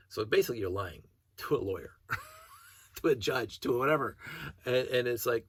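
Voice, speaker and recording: A man's voice: medium pitch, very animated, normal speed, pauses often, husky. A man talking in a rambling, casual monologue as a hobby vlogger, restarting sentences and breaking into short laughs. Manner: rambling, self-interrupting storyteller who laughs between thoughts.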